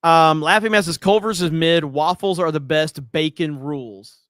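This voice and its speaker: A man's voice: a little high, normal speed, fairly bright tone, clean tone, no echo, studio quality. A man hosting a casual livestream, reading out viewer comments and ranting in a profane, mock-outraged way. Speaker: livestream host.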